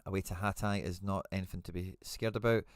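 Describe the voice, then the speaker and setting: A man's voice: deep voice, fairly even intonation, fast talker, no echo, clean studio sound. A man hosting a live stream, chatting casually and thinking aloud as he answers viewer comments. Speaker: host.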